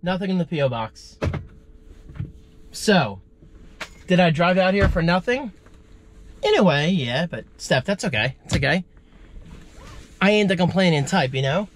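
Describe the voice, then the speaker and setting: A man's voice: sits high, very animated, unhurried, long pauses, a little hiss or hum. A man vlogging casually, sounding congested and rambling in a chatty, self-deprecating way. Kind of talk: casual vlog chat.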